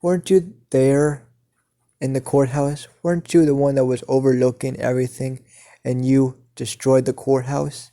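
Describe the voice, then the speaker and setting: A man voicing an angry young man with burn scars, yelling at his enemy. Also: mid-range voice, flat delivery, normal speed, natural voice.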